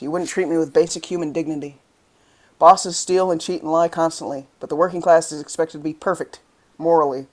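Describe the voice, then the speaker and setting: A poet reading spoken word verse aloud, rhythmic and impassioned, rising to angry emphasis. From the United States. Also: medium pitch. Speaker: guest poet.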